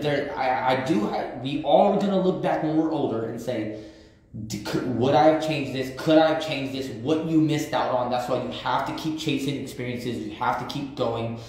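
A man's voice: mid-range voice, a little mellow. Blunt, profane man in his thirties. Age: 30s. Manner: blunt, profane, repetitive street slang. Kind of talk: casual livestream talk. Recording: very echoey room.

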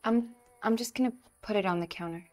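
A woman's voice: a little high, a little fast, darkish tone, faint music behind, natural voice. An actress playing a wary woman alone at home at night, who refuses a stranger politely but firmly.

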